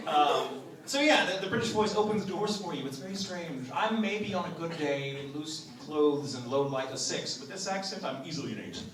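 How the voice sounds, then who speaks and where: A man on a convention stage chats with fans in a playful, animated way and keeps slipping into a posh British put-on accent. His voice sits fairly high and swings widely. It is heard from far off through a phone, with heavy hall echo and loud crowd noise. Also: moderate pace. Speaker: voice actor panelist. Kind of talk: convention Q&A storytelling. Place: large convention hall with audience. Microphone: phone recording from the audience.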